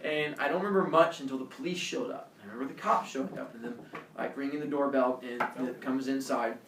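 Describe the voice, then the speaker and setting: A male teacher telling a personal story to his class in a lively way, acting out scenes with shouts and voices. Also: mid-range voice, brisk, a little hiss or hum. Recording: echoey room, mic far off.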